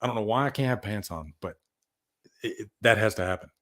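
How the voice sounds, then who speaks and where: A man hosting a casual livestream, rambling and animated as he tells stories and reads out chat. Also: fairly low pitch, fairly quick. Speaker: livestream host.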